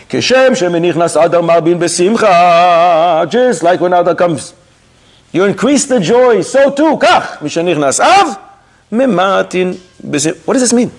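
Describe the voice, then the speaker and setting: Middle-aged male rabbi, sermon-style lecturer, Yiddish-tinged Hebrew terms, very expressive pitch. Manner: animated, rising sharply to mock rebukes. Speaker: rabbi giving a Torah class.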